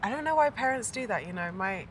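A woman's voice: mid-range voice, lively intonation, fast talker, slight background noise, natural voice. An actress playing a giggly, teasing young woman chatting someone up. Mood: playful. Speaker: love interest. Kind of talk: film drama dialogue.

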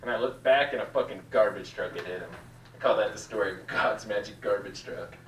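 A man's voice: fairly low pitch, fairly quick. Roomy, distant male stand-up comic. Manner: loose, confessional storytelling with swearing. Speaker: stand-up comedian. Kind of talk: stand-up set. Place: small cafe comedy room. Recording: roomy, distant with faint room noise.

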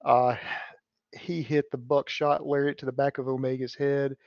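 A man's voice: medium pitch, moderate pace, gravelly, no echo. A man co-hosting a wrestling review, walking through a match step by step with plenty of uhs. His voice sounds a little dull and lo-fi, and the sound is dry. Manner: steady play-by-play summary with filler uhs. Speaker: co-host. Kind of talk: match recap.

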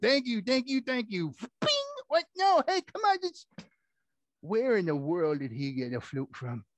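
A man's voice: high-pitched, expressive, a little slow, no echo. A man performing a children's puppet show, telling rhymes in a playful, theatrical way. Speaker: puppeteer and storyteller.

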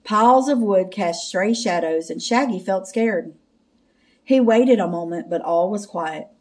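A woman reading a children's picture book aloud in slow, clear narration. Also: mid-range voice, expressive, darkish tone. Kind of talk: storybook read-aloud.

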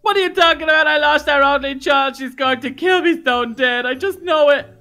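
A woman's voice: high-pitched, brisk, pushed and bright. A woman acting as a frantic wolf dad. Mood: nervous. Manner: frantic, yelps and laughs in fright. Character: flustered male wolf dad, panicky and dramatic. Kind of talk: Minecraft role-play acting.

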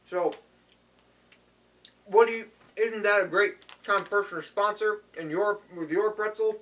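A man improvising goofy parody ads in a rambling, deadpan way, correcting himself as he goes. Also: high-pitched, unhurried, distant mic. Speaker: video creator.

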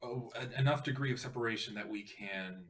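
A man's voice: mid-range voice, a little fast, a bit bright, far from the mic. A man playing in a tabletop game who muses and reasons through plans. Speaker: player. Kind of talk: casual tabletop play. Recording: voice away from the mic.

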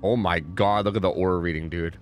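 A man's voice: deep voice, fairly even intonation, a little fast, music in the background. A man streaming a video game, chatting casually and rambling with lots of fillers and swearing. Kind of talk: casual gaming stream chat.

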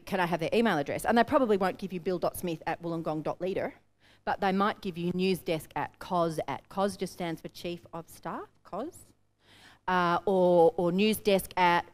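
Brisk Australian woman coaching a workshop. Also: on the low side. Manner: energetic, direct, storytelling. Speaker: business coach. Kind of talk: workshop teaching. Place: seminar room with an audience.

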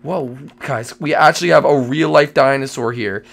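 A man hosting a Minecraft role-play comedy video, excitable, who keeps exclaiming and repeating himself. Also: medium pitch, moderate pace, gravelly. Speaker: channel host and Minecraft role-play player.

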